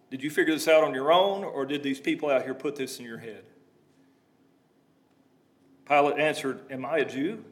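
A man preaching a sermon, reading scripture aloud and breaking into plain conversational asides to explain it. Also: mid-range voice.

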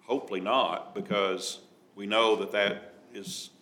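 Male preacher, bright clear tone, measured delivery, reads scripture aloud. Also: on the low side, fairly even intonation. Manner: measured, reads scripture in King James wording. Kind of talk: Bible study sermon.

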